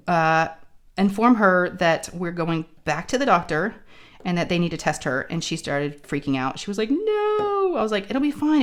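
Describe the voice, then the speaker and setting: A woman with a sore throat, telling a story in casual chat and acting out the people she quotes. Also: lowish voice. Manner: chatty, acts out quoted dialogue. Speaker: crafting channel host.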